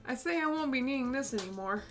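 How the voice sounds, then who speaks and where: A woman's voice: sits high, lively intonation, fast talker, a bit bright, soft background music. A woman voicing a laid-back Southern cowboy lawman in a game, with a Tennessee drawl and folksy frontier sayings. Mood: folksy showman.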